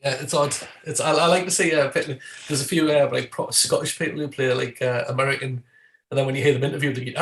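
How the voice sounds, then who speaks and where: A man's voice: mid-range voice, fairly even intonation, quick pace, fairly bright tone. A man with a Geordie accent, a guest comedian chatting casually, rambling and laughing between phrases. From Newcastle, England. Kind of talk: casual chat.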